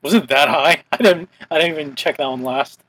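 A man's voice: a little high, brisk, fairly bright tone, husky, no room sound, poor audio. A young man from Hawaii hosting a casual podcast chat, rambling with lots of "like" fillers. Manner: rambling, heavy use of "like" as filler. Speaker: podcast host.

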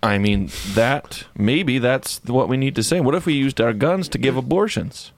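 A man co-hosting a comedy podcast, with crude, profane, deadpan jokes. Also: medium pitch, normal speed, no room sound. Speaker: podcast co-host.

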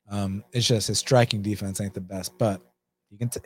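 Host, male, Atlanta accent, low-pitched, loose and chatty, swears freely while answering chat. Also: steady tone, moderate pace, husky. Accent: Atlanta, Southern US. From United States. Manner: laid-back, swears, laughs often, reads comments aloud. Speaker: livestream host reading chat. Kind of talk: casual chat.

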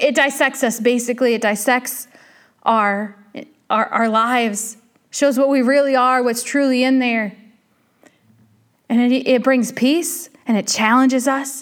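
A woman preaching a sermon, speaking earnestly to the listener as a friend and repeating her points. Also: on the high side.

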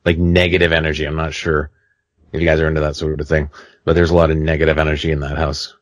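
A young man co-hosting a casual podcast, telling stories with lots of swearing and acting out his own panicked shouts. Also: extremely low pitch, monotone, fast, no room sound. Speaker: podcast co-host.

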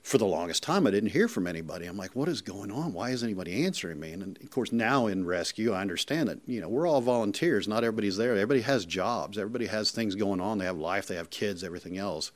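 Middle-aged man, somewhat low-pitched, emotional, earnest, personal storytelling. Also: quick pace, hardly any pauses. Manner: earnest, emotional, often repeats himself. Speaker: rescue volunteer.

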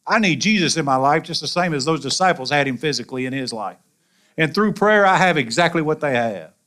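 A pastor with a Southern US accent preaching a sermon in a folksy, animated way with colloquial asides. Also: male voice, fairly high pitch, a little fast. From American South.

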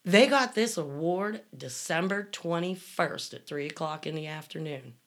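A woman's voice: low voice, lively intonation, normal speed, a bit bright. A woman from the Pittsburgh area co-hosting a casual chat, telling a story with incredulous sarcasm.

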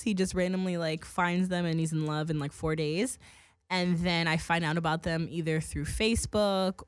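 A woman's voice: on the low side, no echo. Young woman podcast host, rambling and profane, dry close mic. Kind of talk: casual chat.

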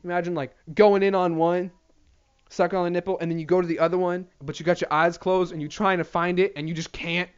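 A man's voice: high-pitched, level tone, quick pace, smooth, dull audio. A young man hosting a podcast alone, rambling through a crude comedy monologue, swearing freely and laughing at himself. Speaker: podcast host.

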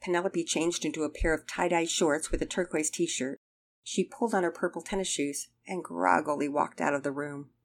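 A woman narrating a children's story aloud in an expressive, measured way. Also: low-pitched, creaky.

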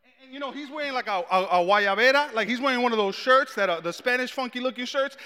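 Guy preaching w a really high bright voice, lively storytelling, big hall echo. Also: fast, smooth. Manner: animated, humorous, acts out the people he quotes. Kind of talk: storytelling sermon. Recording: long reverb in a large hall.

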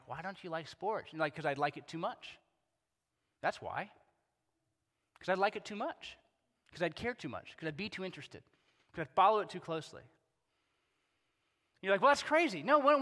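A male pastor preaching in a loose, conversational way, stacking rhetorical questions. His voice sits a little high and rings bright and forceful. It is heard with the long reverb of a large hall. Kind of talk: sermon.

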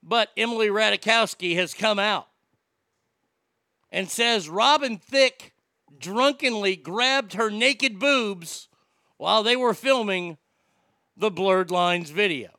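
Loud mouthed guy ranting on a talk show, high gravelly voice, dry close mic. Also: takes it slowly, long pauses, dry recording. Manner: brash, ranting, stammering restarts. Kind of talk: opinionated talk commentary.

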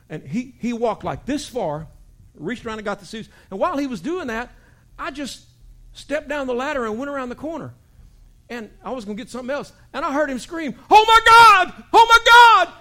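High-voiced preacher telling stories. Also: male voice, a little fast. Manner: animated storytelling preaching, acting out voices with big shouts. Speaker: pastor. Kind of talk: sermon.

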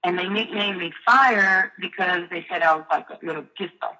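Bright-voiced New woman storyteller. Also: on the low side, normal speed, poor audio. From New York City. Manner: lively storyteller who acts out the voices in her stories. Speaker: guest. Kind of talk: storytelling interview.

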